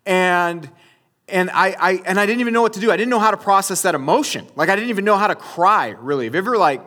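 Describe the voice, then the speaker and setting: A man's voice: high voice, lively intonation, fast, bright, forceful tone. Man preaching in a rambling, storytelling way. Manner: rambling storytelling, many restarts and fillers; addresses the audience directly. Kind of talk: sermon.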